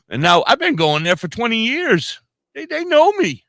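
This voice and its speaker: A man tells a rambling story on a podcast, cursing freely and jumping into other people's voices as he quotes them. His voice is bright and forceful, and the recording is dry and close with almost no room sound. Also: on the high side, moderate pace, dry recording. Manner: profane, animated storyteller who acts out quotes. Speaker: podcast co-host. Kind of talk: casual storytelling chat.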